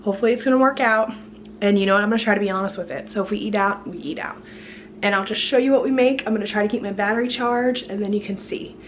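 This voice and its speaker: Quick-paced and mid-range, a woman vlogger runs through what she bought at the store, at home and worn out from illness. Her price rundown is lively and chatty, punctuated by frequent laughs, over slight background noise.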